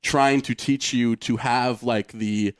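A man hosting a podcast, chatting casually and setting up long, measured questions for his guest. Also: medium pitch, steady tone, clean tone. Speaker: podcast host.

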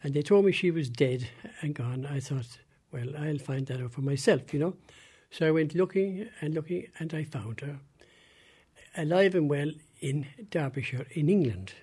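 An elderly Irish man with a husky, breathy voice that sits a touch high for his age. His tone is soft and mellow, and he talks in a halting, plain way, often trailing off mid-thought. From Ireland. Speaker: interviewee, former industrial school resident. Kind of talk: recorded interview recollection.

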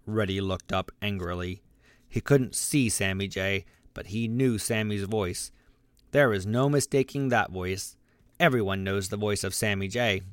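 A man narrating a children's storybook aloud, lively and expressive, giving the animals their own voices. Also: on the low side, no room sound. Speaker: audiobook narrator.

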